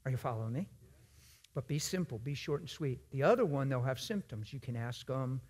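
Emphatic folksy preacher man, husky voice. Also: mid-range voice, animated, fairly quick. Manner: folksy, emphatic, swings between shouting and hushed asides. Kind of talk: sermon. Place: church.

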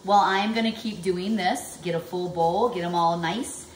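A woman in her forties chats away in a kitchen vlog, her voice sitting slightly low. She rambles, piles on fillers and jumps between thoughts. The room rings with echo, and a faint household hum sits behind her. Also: moderate pace. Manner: rambling and animated, lots of fillers. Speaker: vlogger. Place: home kitchen, canning.

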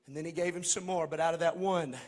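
A man preaching a sermon as pastor, swinging between shouted, sing-song passages and hushed, conversational asides. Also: fairly high pitch, steady tone, quick pace.

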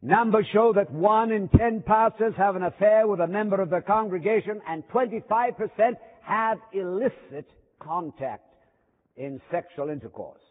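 A man preaching with a high, husky voice, leaning hard on key words and then falling to a near hush. His sermon rings out through a chapel with a long reverb tail. The sound comes through thin and narrow, like a phone line. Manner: emphatic preaching with dramatic pauses and drops in volume.

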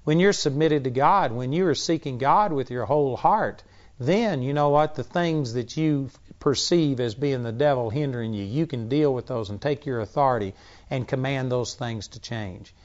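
A man's voice: medium pitch, normal speed, lo-fi sound. A man teaching a sermon as a Bible teacher, blunt and emphatic in his delivery.

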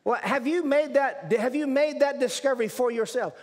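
Very high-pitched yet a little mellow, a male pastor's voice moves at a moderate pace with hardly any pauses. He preaches emphatically in the sanctuary, repeating and restarting, as the church hall's reverb fills the recording.

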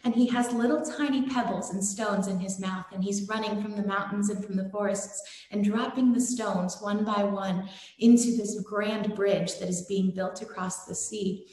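A woman giving a gentle, devotional sermon and telling a story, with some fillers. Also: medium pitch, steady tone, moderate pace. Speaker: satsang speaker. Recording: very echoey room.

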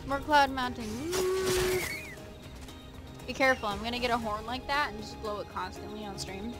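A woman's voice: on the high side, fast talker, music in the background. A young woman casually chatting and commenting while playing a game on stream, talking to characters and her chat in a playful way.

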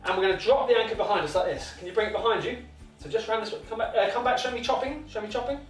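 A man's voice: high voice, rapid-fire. A man with a British accent coaching a toddler in tennis, in an encouraging, sing-song way with lots of repeated instructions. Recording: echoey room, mic at a distance, faint music.

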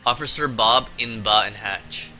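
A middle-aged man, a game developer streaming and chatting casually, rambling and excitable. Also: fairly low pitch, unhurried, rough recording. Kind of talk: casual chat while playing. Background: faint music.

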